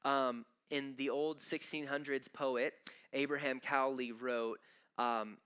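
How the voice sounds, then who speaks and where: A man's voice: medium pitch, little pitch movement, measured pace, fairly bright tone, clear, resonant tone. A man preaching a sermon as pastor, talking conversationally and emphatically, often restarting his phrases. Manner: conversational, emphatic, with frequent repeated starts. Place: church auditorium.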